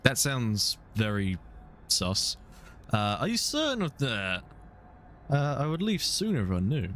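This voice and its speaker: A man's voice: medium pitch, huge pitch swings, a little slow, fairly bright tone, a little hiss or hum. Joking, crude London man streaming a game. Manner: joking, crude, rambling with fillers. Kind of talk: casual game commentary.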